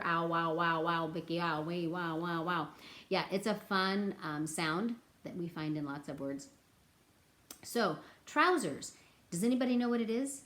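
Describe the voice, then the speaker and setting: A woman teaching a children's music lesson, chatting playfully to the kids and breaking into sing-along nursery rhymes. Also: mid-range voice. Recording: echoey room with ukulele.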